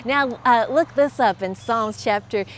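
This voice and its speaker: A middle-aged woman with a high voice gives a devotional encouragement talk straight to the camera. She speaks warmly and conversationally, often laughing and acting out the words of others. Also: a little slow, a little hiss or hum. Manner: warm, conversational, laughs often, acts out quotes. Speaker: host of a faith encouragement show.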